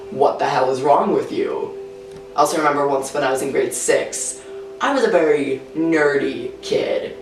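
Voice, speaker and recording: A teenager speaking frankly in a casual interview, full of "like" fillers. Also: mid-range voice. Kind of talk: candid personal interview. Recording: roomy sound from a distant mic, faint music.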